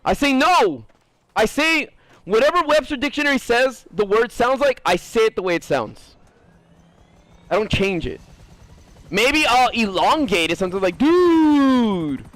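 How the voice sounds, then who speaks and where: A man talking casually to his live-stream chat while gaming, animated and ranting, swearing freely. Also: very high-pitched, moderate pace, long pauses, no echo, low-quality recording.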